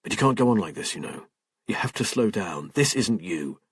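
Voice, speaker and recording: Narrator doing a wounded but steady husband, firm and caring, kinda husky. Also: male voice, lowish voice, normal speed, no room sound, clean studio sound. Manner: indignant, then firm and caring. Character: hurt, steady middle-aged husband.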